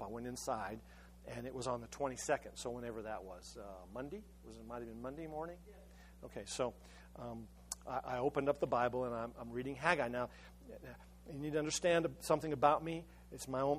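A man's voice: mid-range voice, a little hiss or hum. A male pastor giving a conversational sermon, often stammering and restarting his words as he tells a story.

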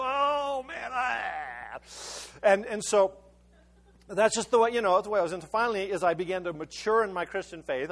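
A pastor with a high, fairly bright voice preaches to his congregation loosely and conversationally. He tells his story in halting bursts, repeating and restarting words, while his sermon keeps an easy storyteller's flow.

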